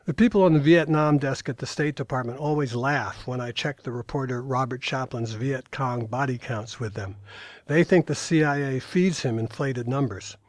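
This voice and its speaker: A man's voice: mid-range voice, moderate pace, no room sound. An older man reading aloud from his own memoir at a live talk, in dry storytelling with brief asides to the audience.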